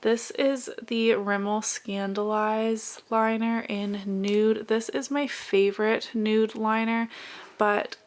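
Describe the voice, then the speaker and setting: A young beauty vlogger casually goes through her makeup in a declutter chat, rambling and friendly as she comments on each product. Her voice is fairly high with little pitch movement, and she speaks slowly.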